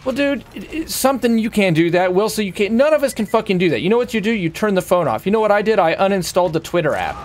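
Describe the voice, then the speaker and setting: A man's voice: high-pitched, expressive, quick pace, few pauses, slight background noise. Heated, profane young man ranting. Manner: profane, rambling, heated and emphatic. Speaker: streamer. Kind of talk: casual rant while playing a game.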